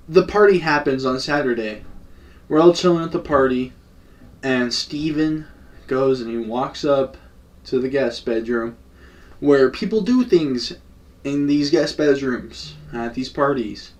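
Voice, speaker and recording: A man's voice: medium pitch, unhurried, recorded from a distance. A young man telling a story in casual slang, acting out the quotes. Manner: slangy, animated, acts out quotes. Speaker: storytime vlogger.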